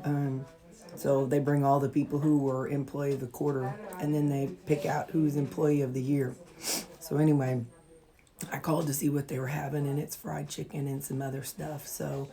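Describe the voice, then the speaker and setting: A woman's voice: extremely low pitch, warm tone. A woman vlogging casually from her home kitchen, rambling along with plenty of fillers and restarts. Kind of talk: casual chatty diet vlog. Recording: echoey kitchen with dish clatter.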